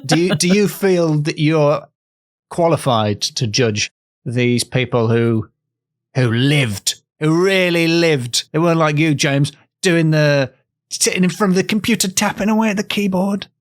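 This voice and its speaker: A man's voice: a little high, expressive, a little slow, dry recording. A man co-hosting a comedy podcast, telling folklore tales in a dry, teasing manner. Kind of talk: casual comedic podcast chat.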